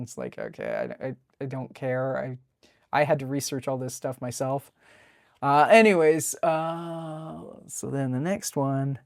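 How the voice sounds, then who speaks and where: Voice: mid-range voice, darkish tone, no room sound, clean studio sound. A webcomic artist casually narrating a sketchbook tour, talking in a rambling, chatty way with many fillers.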